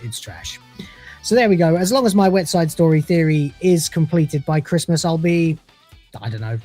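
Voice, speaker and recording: A man's voice: a little high, a little mellow. A man delivering a scornful, sarcastic review of a TV episode, swearing freely as he rants. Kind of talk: ranting review.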